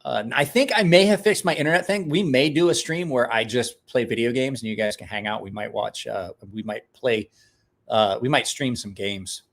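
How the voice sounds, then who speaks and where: A man's voice: medium pitch, moderate pace, a bit bright. A man chatting casually on a live stream, rambling, restarting words, and talking to his dog in between.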